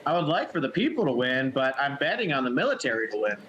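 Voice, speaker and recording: Casting note: hesitant male correspondent, bright tense tone, lively pitch. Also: quick pace, muffled recording, a little hiss or hum. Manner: hesitant, filler-heavy. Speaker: news correspondent. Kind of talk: comedic call-in report.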